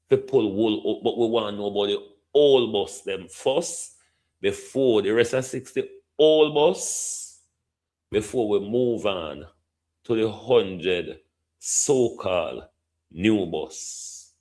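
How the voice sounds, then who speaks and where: Slow-talking Jamaican man commenting. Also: lowish voice, a little mellow. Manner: repeatedly addresses a minister by name, drawn-out emphasis, tag "hmm?". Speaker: political commentator. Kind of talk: opinionated commentary.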